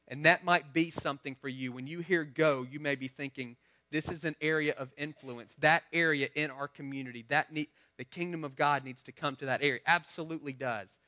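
A man's voice: mid-range voice, pushed and bright. A man, a pastor giving a conversational sermon and asking the congregation questions. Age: 30s.

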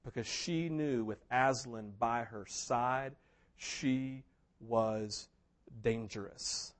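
A man preaching a sermon, telling a story with big swings between loud, excited passages and hushed ones, sometimes acting out what characters say. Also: medium pitch, very slow. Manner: mimics characters in quoted asides. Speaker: pastor.

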